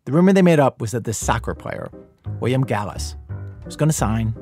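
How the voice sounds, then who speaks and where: A man hosts a public radio documentary program in scripted narration. His delivery is conversational and dry, at a middle pitch, with faint guitar music playing under him. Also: expressive, a little fast, warm tone. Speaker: radio show host.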